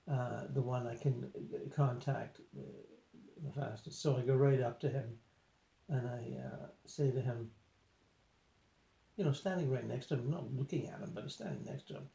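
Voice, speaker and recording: A man recounting an out-of-body experience in a halting way, with many fillers. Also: medium pitch, gravelly, mellow. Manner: halting, filler-heavy storytelling. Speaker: journal vlogger. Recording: echoey room.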